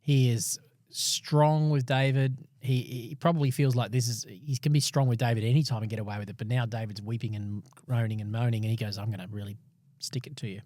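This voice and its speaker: A man's voice: medium pitch, fairly even intonation, fairly quick, hardly any pauses, a little mellow, dry recording, studio quality. A man co-hosting a podcast, readily agreeing and drawing practical life lessons from a Bible passage. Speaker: podcast co-host. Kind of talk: casual Bible discussion.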